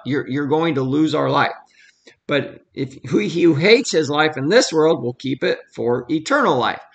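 A man's voice: a little high, creaky, a bit bright. A man giving a casual, conversational Bible study at home, explaining a passage and reading verses aloud with emphasis.

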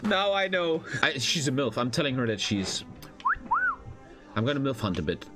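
A young man streaming a life-simulation game and giving loud, crude commentary to his chat, swinging from shouts to low mumbled asides. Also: very animated, normal speed. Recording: game music underneath.

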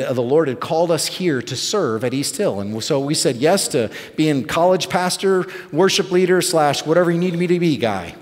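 A middle-aged male pastor telling a story in a sermon, animated and self-deprecating. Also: a little high, in a large hall. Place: church sanctuary.

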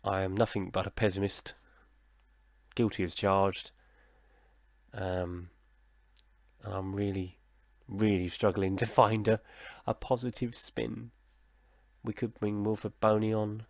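Male gaming commentator: low gravelly voice, dry close mic, chatty and self-mocking. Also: flat delivery, takes it slowly, pauses often, dry recording. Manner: chatty, self-deprecating, mock commentator, talking to himself. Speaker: gaming YouTuber. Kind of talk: casual let's-play commentary.

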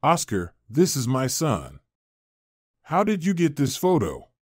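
A man's voice: medium pitch, wildly swooping pitch, a little slow, no room sound, studio quality, voice pushed up. A man reading the lines of a middle-aged woman fortune teller in a storybook tale, speaking briefly and directly. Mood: shocked. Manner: direct, then hushed.

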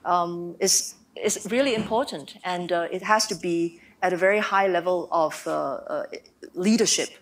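Lady minister on a panel, kinda low voice, careful answers, lots of ums. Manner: measured, frequent fillers.

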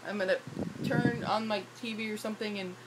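A young woman vlogging, frustrated and rambling, her voice hoarse from a night of shouting, recorded on a phone. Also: medium pitch, fairly even intonation, a little fast. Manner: frustrated, rambling, self-deprecating. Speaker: YouTuber. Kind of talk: casual vlog rant. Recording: loud background noise.

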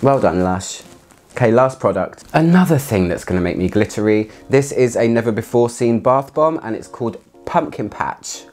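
A man chatting casually through a product review, excitable and laughing often as he talks. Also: medium pitch, normal speed, faint music behind. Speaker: fragrance reviewer.

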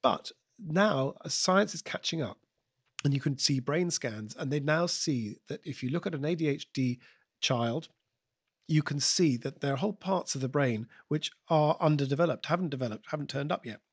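A British man, a guest comedian and impressionist, chatting on a podcast in an animated, digressive storytelling manner. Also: fairly high pitch, moderate pace, slightly rough, no echo. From United Kingdom. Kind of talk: podcast conversation.

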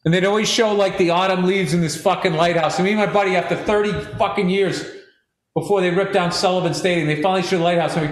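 A man joking in casual podcast banter, sarcastic and profane with deadpan put-ons. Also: sits high, fast, reverberant. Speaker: podcast guest, comedian.

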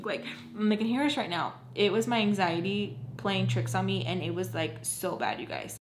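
A young woman in her twenties telling a casual storytime vlog at home, animated, filling every phrase with "like" and acting out what people said. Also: medium pitch, moderate pace, a little hiss or hum. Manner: animated, fillers "like" constantly, acts out quoted lines. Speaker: vlogger.

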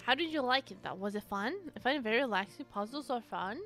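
A woman live streaming a game, chatting casually, excitable and swearing often as she greets and answers her chat. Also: on the high side, fast, soft background music.

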